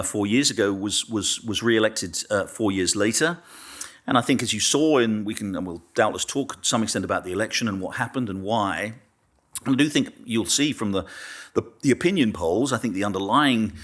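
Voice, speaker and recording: A man's voice: fairly low pitch, fairly bright tone. A British man in his fifties, a journalist and author, giving a public lecture in a dry, self-deprecating way with frequent ums and restarts. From Britain.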